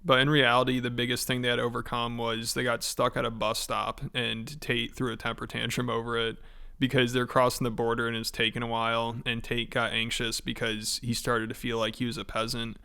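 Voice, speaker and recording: A man's voice: medium pitch, monotone, brisk, vocal fry, bright, forceful tone, clean tone. A man giving scripted commentary in a sarcastic, mocking tone. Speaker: commentary host.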